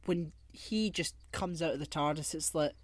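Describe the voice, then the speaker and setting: A man's voice: on the high side, normal speed, no echo. A man co-hosting a casual podcast chat, joking and rambling. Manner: jokey, rambling, laughs at own jokes. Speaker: podcast co-host.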